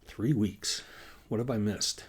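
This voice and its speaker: A man's voice: lowish voice, slow, husky, full character voice. A man reading the lines of a blunt, driven male inventor who talks brusquely and wryly. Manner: brusque, wry.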